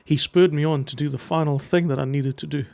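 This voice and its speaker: Gravelly, earnest middle-aged man. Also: on the high side, steady tone, a little mellow, no room sound. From half Greek. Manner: earnest, halting, emotional, with pauses. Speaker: vlogger and children's book writer. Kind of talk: emotional personal message to camera.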